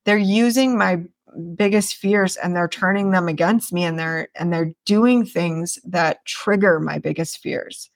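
Woman podcaster, lowish voice, rambling and animated, swears, dry close recording. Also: unhurried, no echo. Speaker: podcast host. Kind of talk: casual storytelling monologue.

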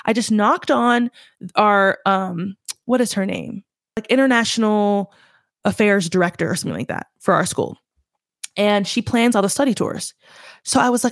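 Young woman podcaster talking it out, chatty, keeps correcting herself, mid pitch, super dry sound. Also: expressive, moderate pace, no room sound. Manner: chatty, self-correcting, emphatic advice. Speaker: podcast host. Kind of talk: casual solo talk.

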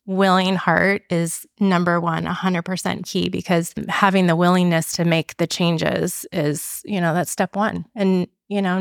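A middle-aged woman talks openly and earnestly in a relaxed podcast chat, with a voice sitting a little low. The sound is close and dry, with no room around it. She talks like a friend, often saying "you know.". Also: no echo. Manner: candid, earnest, heavy use of "you know". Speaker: podcast guest. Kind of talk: casual podcast interview.

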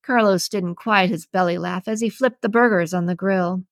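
A woman's voice: mid-range voice, moderate pace, no room sound. Woman narrating an audiobook, dry close sound. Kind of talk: scripted narration.

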